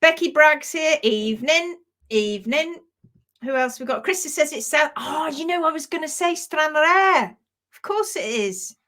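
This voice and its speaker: A woman with a high, bright voice hosts a casual live stream. She chats easily, laughs often and greets viewers one by one. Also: lively intonation, moderate pace.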